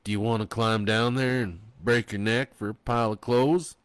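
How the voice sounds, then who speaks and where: A man's voice: medium pitch, steady tone, moderate pace, clean tone, no echo, natural voice. A man doing a callous small-town sheriff. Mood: gruff dismissive.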